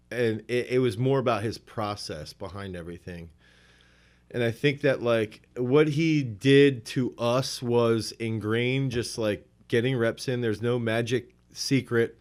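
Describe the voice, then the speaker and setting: A man who coaches throwers, talking in a rambling, animated way in a relaxed podcast interview. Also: medium pitch.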